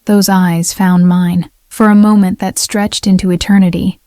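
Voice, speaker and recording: A woman narrating a dramatic first-person story in a steady, even way. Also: mid-range voice, normal speed, no room sound, studio quality.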